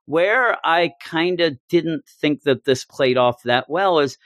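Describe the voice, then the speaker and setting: A man co-hosting a casual comics talk show, animated and acting out characters' lines in a raised voice. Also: fairly high pitch, takes it slowly, no room sound, clean studio sound. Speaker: comics podcast co-host. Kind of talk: casual chat.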